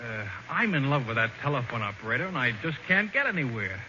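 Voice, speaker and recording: A man's voice: medium pitch, sing-song, fast, bright, forceful tone. A young man playing an earnest, lovesick suitor in a 1940s radio comedy, pleading eagerly. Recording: muffled hissy 1940s radio broadcast.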